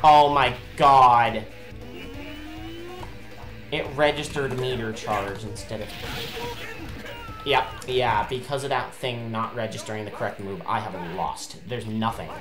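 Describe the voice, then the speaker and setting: A woman's voice: a bass voice, normal speed. A woman giving gameplay commentary in an exasperated, ranting way, swearing often. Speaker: let's play host. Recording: roomy echo with game music behind. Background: game music.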